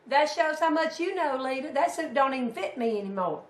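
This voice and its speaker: A woman voicing a gruff, grumpy old uncle. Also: high-pitched, animated, brisk, reverberant, pitched above the performer's own voice. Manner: gruff, dismissive.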